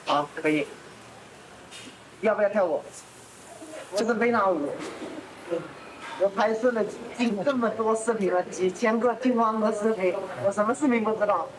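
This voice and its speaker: A man's voice: high voice, moderate pace, long pauses, noisy background. A man who makes videos, talking assertively and boastfully in a recorded conversation. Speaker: video maker.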